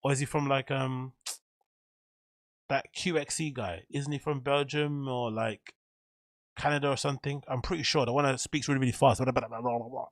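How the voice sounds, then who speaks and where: A man's voice: mid-range voice, fairly even intonation, moderate pace, no room sound. Man, casual reaction commentary, profane and rambling, dry close sound. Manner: profane, rambling, laughs often. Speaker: host reacting to a video.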